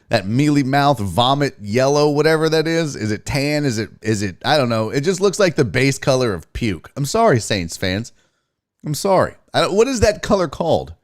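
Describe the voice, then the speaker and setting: Man, lively swinging pitch, rambling profane banter, dry close sound. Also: no room sound. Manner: greets chat viewers by name. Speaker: sports show host. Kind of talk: casual live-stream chat.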